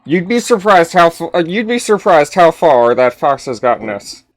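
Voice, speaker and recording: A man's voice: fairly high pitch, sing-song, moderate pace. Casual man playing a tabletop game. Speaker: player.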